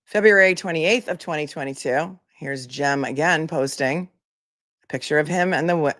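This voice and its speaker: Low-voiced chatty woman legal commentator. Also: moderate pace, a bit bright. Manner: chatty, incredulous asides, reads posts aloud. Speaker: attorney commentator. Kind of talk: casual commentary on a legal case.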